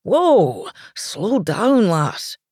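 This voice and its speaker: A woman voicing a tall, broad, relaxed man with a drawling Scottish accent. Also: drawn-out words, husky, dry recording, studio quality, heavily acted. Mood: concerned. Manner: drawling, low rumbling voice.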